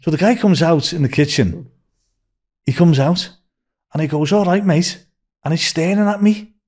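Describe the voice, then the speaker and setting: A man's voice: moderate pace, a little mellow. Liverpudlian man telling a long story. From Liverpool, England. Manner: rambling anecdotal, acts out quoted voices with raised pitch. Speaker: guest. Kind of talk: storytelling in a podcast interview.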